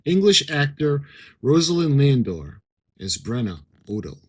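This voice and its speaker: A man's voice: mid-range voice, very animated, a little slow, slightly rough, rough recording. A middle-aged man giving casual unboxing commentary, reading captions aloud and adding chatty asides. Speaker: model-kit unboxing vlogger.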